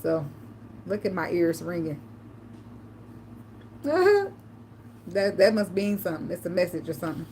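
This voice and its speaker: A woman vlogger telling loose, profane stories in a relaxed chat, laughing often. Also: lowish voice, unhurried, long pauses, slight background noise. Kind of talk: casual livestream chat.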